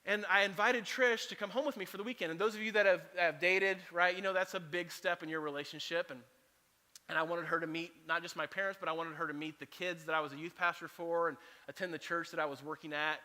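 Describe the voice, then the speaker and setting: A man in his forties, a pastor delivering a sermon and telling a funny story in an animated way. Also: fairly high pitch, quick pace, long reverb tail. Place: church auditorium.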